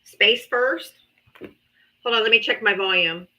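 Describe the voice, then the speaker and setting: A woman hosts a live debate stream in a casual, blunt way, swearing freely and sounding exasperated. Her voice sits a little high and rings bright and forceful. She speaks into a streaming mic at home. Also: slow pace, rough recording. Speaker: livestream debate host. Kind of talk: casual livestream talk.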